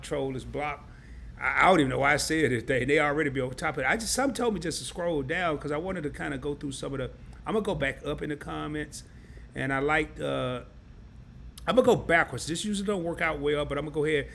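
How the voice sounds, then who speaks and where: Male live-stream host, slightly high voice, chatty, casual interview tone. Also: a little fast, vocal fry, fairly bright tone, slight background noise. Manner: chatty, reads comments aloud.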